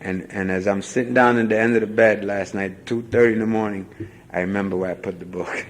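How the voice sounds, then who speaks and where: A man's voice: lowish voice, fairly even intonation, fast talker, background noise. A man giving a rambling, self-mocking personal testimony at a convention, full of "you know" fillers. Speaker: speaker sharing recovery story at a convention.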